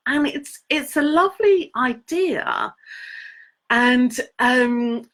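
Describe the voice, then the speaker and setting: A middle-aged woman leads a live coaching session in a loose, unscripted way. She halts often, restarts her sentences and fills the gaps with ums. Her voice sits a little low. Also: fairly bright tone. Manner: rambling, halting, many fillers and restarts. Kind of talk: casual coaching talk to a live audience.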